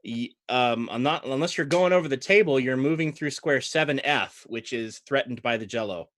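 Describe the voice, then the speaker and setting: A man running a tabletop game as dungeon master, narrating in a playful, animated way with quick asides. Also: mid-range voice.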